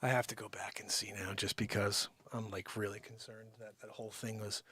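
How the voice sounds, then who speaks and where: A man's voice: fairly low pitch, little pitch movement, a little fast, crowd noise. A man who makes his own comedy videos, muttering to himself in frustration. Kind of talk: casual talk to camera.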